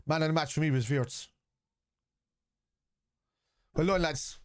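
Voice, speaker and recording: A man's voice: on the high side, measured pace, dry recording, clean studio sound. A man hosting a live football watchalong, chatting casually and answering viewers' comments.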